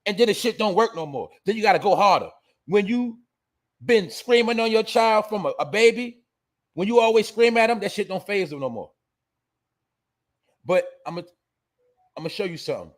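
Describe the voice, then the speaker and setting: High-voiced man ranting blunt commentary. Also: lively intonation, normal speed, long pauses. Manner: blunt, profane, preachy lecturing. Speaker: show host. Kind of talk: casual commentary monologue.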